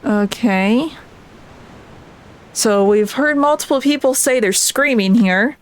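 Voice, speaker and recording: A woman's voice: on the high side, slow. A woman streamer giving casual gameplay commentary, reading the on-screen text aloud and stumbling over names.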